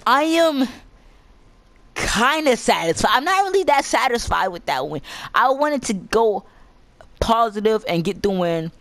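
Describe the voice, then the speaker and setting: A young man hosting a gaming channel, giving excitable live commentary while he plays, cursing constantly and jumping from shouts to muttering. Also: high-pitched, moderate pace, dry recording.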